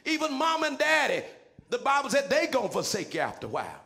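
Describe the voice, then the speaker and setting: A male pastor preaching in a very high, gravelly voice that swoops up and down. His tone is bright and tense, and he shouts his lines in a sing-song preaching cadence with folksy everyday phrasing. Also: huge pitch swings, fast. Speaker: senior pastor. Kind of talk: preaching a sermon.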